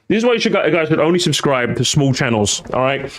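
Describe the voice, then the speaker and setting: On a live stream, a young man chats casually in a jokey, animated way, sometimes breaking into high, squeaky exclamations. He talks quickly with few pauses.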